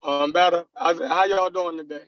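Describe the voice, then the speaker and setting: A man's voice: a little high, steady tone, fairly quick, a bit bright, dry recording. A man in a casual video call chat, talking in a friendly way and asking a lot of questions. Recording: muffled lo-fi call with faint guitar music.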